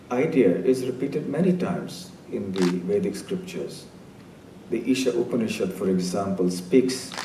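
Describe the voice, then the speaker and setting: An older man delivers a spiritual talk in a lecture hall, in an unhurried, deliberate way. His voice is mellow and a little distant from the mic. The room sounds echoey, with a faint rumble underneath. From India. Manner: measured, deliberate, clears throat often. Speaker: spiritual preacher, keynote speaker.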